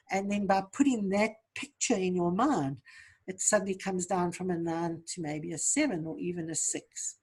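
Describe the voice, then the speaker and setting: A woman's voice: lowish voice, normal speed, a little mellow, slightly rough. A woman guest in an interview, speaking earnestly and reflectively about healing and giving advice. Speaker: guest, trauma survivor coach. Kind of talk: interview answers, personal story.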